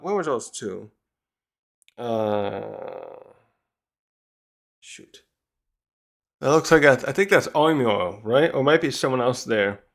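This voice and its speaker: A man's voice: medium pitch, a bit bright. A man casually reviewing a comic chapter, rambling and searching for words with many fillers. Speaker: manga review youtuber. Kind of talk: casual chat.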